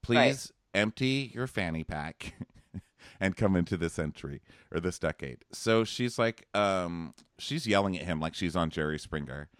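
A man co-hosting a casual chat about a TV show, acting out the people in it with sudden high voices. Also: unhurried, no room sound, clean studio sound. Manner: animated, acts out people in shrill falsetto quotes. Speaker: podcast co-host.

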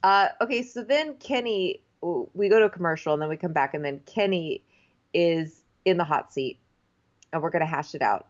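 A woman's voice: lowish voice, moderate pace. A woman co-hosting a casual podcast chat, chatty and incredulous, acting out quotes. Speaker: podcast co-host. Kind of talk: casual chat recapping a TV show. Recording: slightly dull lo-fi sound.

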